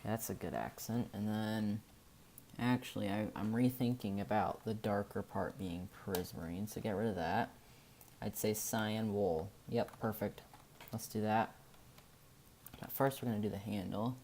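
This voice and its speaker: Slow, low-voiced man thinking aloud. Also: steady tone, darkish tone, slight background noise. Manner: thinking aloud, rambling, correcting himself. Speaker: game tutorial creator. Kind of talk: casual gameplay tutorial narration.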